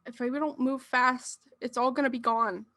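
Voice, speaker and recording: A woman's voice: high-pitched, fairly even intonation, moderate pace, pushed and bright. A woman voicing a mysterious young girl who speaks urgently and pleadingly.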